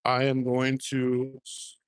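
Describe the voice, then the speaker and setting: A man chatting casually to his livestream viewers in a folksy, drawling manner. He speaks slowly, with an average-pitched voice. The sound is dry and close, picked up on a handheld camera rig. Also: monotone, clean tone, no echo. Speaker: livestream host. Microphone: handheld gimbal camera.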